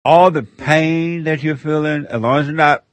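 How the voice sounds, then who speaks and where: A man's voice: a little high, steady tone, moderate pace, dry recording. A man hosting a call-in radio show, rambling and laughing as he gives spiritual counsel.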